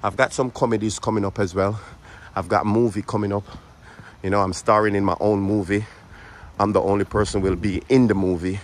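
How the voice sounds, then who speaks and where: Deep-voiced Birmingham man vlogging outdoors. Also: fairly even intonation, a little fast. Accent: Birmingham English. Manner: chatty, joking, repeats phrases. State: out of breath. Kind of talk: walking vlog, casual chat to camera. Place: outdoors on city streets.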